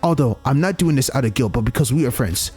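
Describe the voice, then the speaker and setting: A man voicing a kind young protagonist in a game, speaking gently and sincerely. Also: medium pitch, lively intonation, fast, breathy edge, faint music behind.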